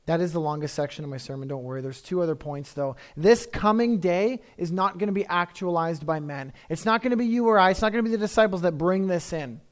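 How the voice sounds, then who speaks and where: A man's voice: high-pitched, fast, few pauses. A man preaching a sermon in a conversational, emphatic way, often repeating phrases for effect.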